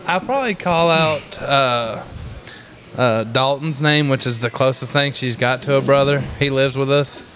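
A man trades easygoing, drawling banter on a podcast. His voice is mid-pitched and relaxed. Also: a little slow. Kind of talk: casual chat.

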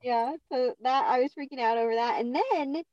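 A young woman telling a story in a casual chat, halting and full of fillers. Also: a little high, steady tone, darkish tone, dull audio.

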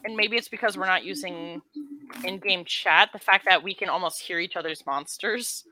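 A woman co-hosting a podcast, chatting casually while playing a horror game, excitable and swearing freely. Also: on the low side, normal speed, a little hiss or hum. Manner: excitable, swears freely, yells when chased. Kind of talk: casual gameplay chat.

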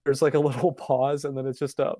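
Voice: medium pitch, steady tone, normal speed, warm tone, no echo, studio quality. A podcast co-host in casual chat, hesitant with many fillers and often breaking into laughter. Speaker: podcast co-host reviewing an album.

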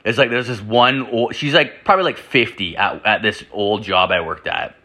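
A man telling crude stories in a casual ramble, swearing constantly and filling every pause with "like". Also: on the low side. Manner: rambling, profane, full of "like" fillers; animated, jumps into acted-out quotes. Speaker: podcast host.

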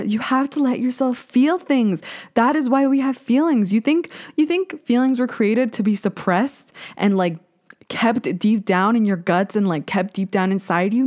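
Animated, candid young woman podcaster. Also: mid-range voice, normal speed. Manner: candid, animated and swearing, with sudden bursts of loud emphasis; talks to listeners directly, with many "like" and "um" fillers. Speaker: podcast host. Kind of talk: solo podcast monologue.

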